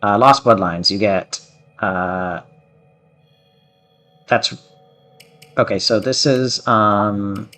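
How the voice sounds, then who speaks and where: A man's voice: fairly low pitch, fairly even intonation, very slow, pauses often, sharp tone, soft background music. A man streaming a game, talking in a hesitant, rambling way with many fillers as casual commentary.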